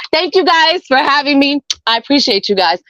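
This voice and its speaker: A woman's voice: high-pitched, very animated, moderate pace, a bit bright, no echo, lo-fi sound. A woman performing a spoken word poem over a video call, laughing between lines and swearing freely, then chatting casually. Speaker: open mic poet.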